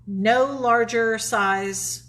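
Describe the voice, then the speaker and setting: A woman's voice: a little high, steady tone, very slow, a bit bright. A woman with a Southern accent, co-hosting a casual live stream, chatting, plugging shirts and reading viewer comments aloud. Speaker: co-host of a live drawing stream.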